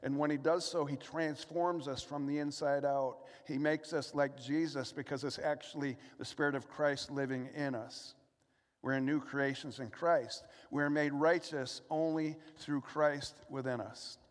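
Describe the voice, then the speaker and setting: A man's voice: fairly high pitch, steady tone, unhurried, long reverb tail. A man preaching a sermon, reading scripture and asking rhetorical questions in an earnest tone.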